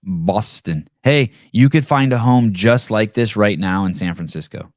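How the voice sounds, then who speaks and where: A man's voice: lowish voice, measured pace, no room sound, clean studio sound. A man hosting a podcast, ranting bluntly and profanely in casual commentary. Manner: blunt, swearing, animated rants. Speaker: podcast host.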